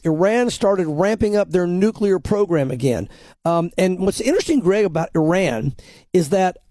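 A man with a high voice and a mellow, dark tone, talking through his views as a pastor on a podcast. He presses his points emphatically and often repeats words as he builds them. The sound is close and dry. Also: dry recording. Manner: acts out other people's lines in quoted voices. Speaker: pastor and prophecy commentator. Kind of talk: conversational podcast commentary.

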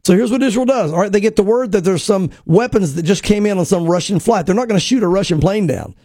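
A man, a pastor co-hosting a talk show, talks in animated bursts and acts out quotes. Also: high voice, fast talker, slightly rough, dry recording, studio quality. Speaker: pastor and co-host. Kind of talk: casual prophecy talk show.

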